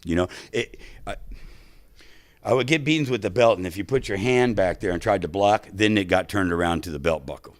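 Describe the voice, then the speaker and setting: A middle-aged man telling his life story to a recovery meeting, animated and drawing the listeners in with quick "right?" asides. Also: low voice, dry recording. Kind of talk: personal recovery story to an audience.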